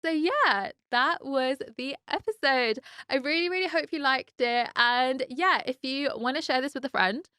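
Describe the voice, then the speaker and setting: A woman's voice: sits high, moderate pace, few pauses, sharp tone, clean tone, no echo, studio quality. A young British woman from the UK hosting a casual solo podcast, chatty and heartfelt, often saying "like". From United Kingdom. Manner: chatty and heartfelt, lots of "like" fillers. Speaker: podcast host.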